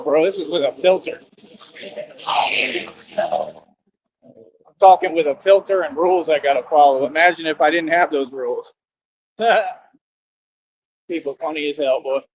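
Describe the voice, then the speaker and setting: Streamer, man, boastful scornful rambling rant, slightly high voice, muffled lo-fi audio. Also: dry recording.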